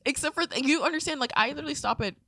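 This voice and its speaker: A woman's voice: high-pitched, very fast, sharp tone, no echo, studio quality. A woman in her twenties co-hosting a casual podcast, rambling and swearing as she gets teary. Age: 20s. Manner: rambling, emotional, swears freely, tearful. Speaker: podcast co-host. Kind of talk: casual chat.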